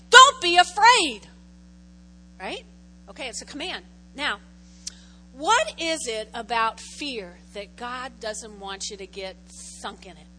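Woman teaching bible stories, high bright voice, big echoey hall. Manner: animated, acts out voices, asks the audience questions. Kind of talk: lively Bible lesson to a group. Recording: long hall reverb, faint hum.

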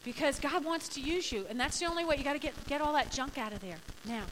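A woman's voice: high voice, quick pace, background noise. A woman pastor giving a sermon in an emphatic, conversational way, acting out the people she quotes.

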